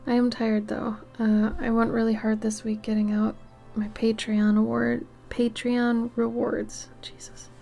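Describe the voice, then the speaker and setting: A worn-out woman talks slowly and gently to her stream audience as she draws, her fairly high voice full of gravelly fry. She keeps slipping into soft, breathy half-whispers. Quiet music plays faintly behind her. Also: level tone. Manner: drowsy, soft-spoken, drifts into half-whispered asides. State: tired, yawning. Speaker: art livestreamer. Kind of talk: casual chat while drawing on stream.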